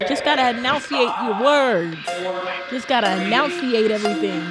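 A woman streamer talks over a video she is watching, her voice sitting a little high. She is loud and playful in a casual reaction style, and she often jumps in to recite the tongue twisters herself. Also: moderate pace.

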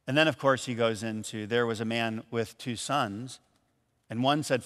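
A man from Michigan preaching a sermon as pastor, telling a story in a lively, animated way and acting out the voices in it. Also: a little high, moderate pace, big-room sound. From Michigan, USA. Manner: storytelling, animated, acts out calls and quotes. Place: church.

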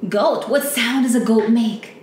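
Woman, high-ish voice, patient and encouraging, homeschool teaching, roomy home recording. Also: measured pace, a little mellow, slight background noise. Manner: patient, encouraging, repeating questions and praise. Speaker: parent teaching her toddler at home. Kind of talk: homeschool teaching, one-on-one with a child. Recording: roomy room sound with music behind.

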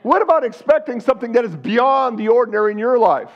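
A male pastor with a high-pitched voice delivers an emphatic sermon in a church sanctuary. He keeps calling out to the congregation for a response. The recording sounds dull and lo-fi. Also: lively intonation, fast talker. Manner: emphatic, repeated calls of "Amen?" to the congregation.

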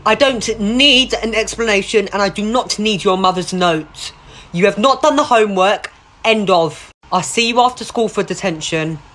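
A woman's voice: mid-range voice, moderate pace, fairly bright tone. A woman acting out a school comedy sketch in an indignant, crude, ranting manner.

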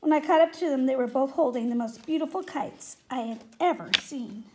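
High-voiced woman reading a kids' story aloud, gentle and expressive. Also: brisk, noisy background. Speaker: story reader.

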